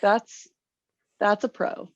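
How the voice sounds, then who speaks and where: An American woman from Texas, a podcast guest, talking in a relaxed, wry way. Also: slow, no room sound, lo-fi sound. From Austin, Texas, United States. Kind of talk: casual podcast chat.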